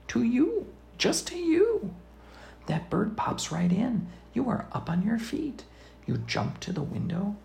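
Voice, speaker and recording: Gravelly dad reading a rhyming storybook. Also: male voice, high voice, a little hiss or hum. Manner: sing-song rhythmic reading, often dropping to a whisper. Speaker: father reading aloud. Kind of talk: storybook read-aloud.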